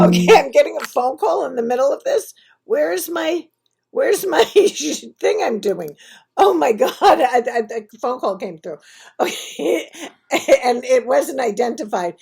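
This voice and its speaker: A woman's voice: sits high, animated, moderate pace, gravelly, darkish tone. A woman talking to the camera in a casual video monologue, rambling and laughing at herself. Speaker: vlogger.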